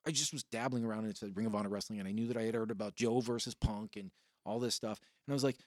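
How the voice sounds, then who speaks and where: Profane, rambling podcast host, dry sound. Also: male voice, on the low side, very fast, dry recording. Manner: rambling, profane, excitable storytelling. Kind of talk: casual podcast chat.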